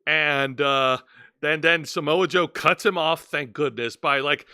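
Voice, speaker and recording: A man hosting a wrestling podcast speaks in a bright, somewhat high voice, recorded close and dry. He explains events casually, tripping over words and restarting sentences. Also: unhurried, clean tone, no room sound. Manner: explanatory, stumbling restarts, laughing at partner. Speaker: podcast host. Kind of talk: casual wrestling review chat.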